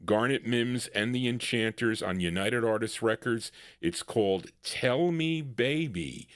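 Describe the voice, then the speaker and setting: A man's voice: mid-range voice, animated, a little slow, dry recording, studio quality. A man hosting a live oldies record show, rambling between songs with many fillers and self-interruptions. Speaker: radio-style show host and DJ.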